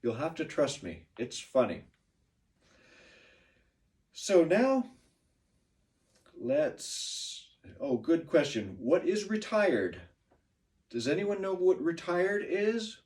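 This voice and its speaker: Man as a classroom language teacher: unhurried, encouraging, set back from the mic. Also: on the high side, sing-song, darkish tone, recorded from a distance. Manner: slow, deliberate, encouraging teacher talk. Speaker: English teacher. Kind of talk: classroom pronunciation lesson.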